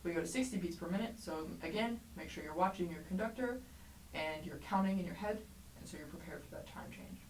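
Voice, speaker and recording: A woman teaching a trumpet lesson, explaining clearly and encouragingly, sometimes singing rhythms aloud. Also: on the low side, brisk. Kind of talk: music lesson tutorial. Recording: roomy echo, mic at a distance, faint background noise.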